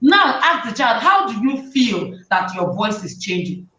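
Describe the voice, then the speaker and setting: A woman, hosting a talk show and giving lively advice to parents, often acting out what parents and children say. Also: a little high, measured pace. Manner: animated, acts out parents' and children's lines. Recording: roomy, distant, dull sound.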